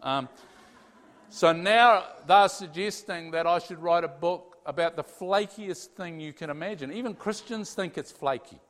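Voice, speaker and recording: A man's voice: fairly high pitch, a little slow. A man preaching a conversational sermon with lots of energy, often checking in with the audience. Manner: animated, tags sentences with "okay?". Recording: long hall reverb.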